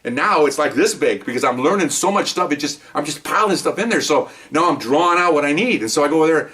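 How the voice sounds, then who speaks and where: Older man, rapid rambling storytelling, often asks okay, a bit distant from the mic. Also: a little high, a bit bright. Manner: rambling, many restarts, says "okay?" often. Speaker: retired police officer telling stories. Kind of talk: casual storytelling monologue.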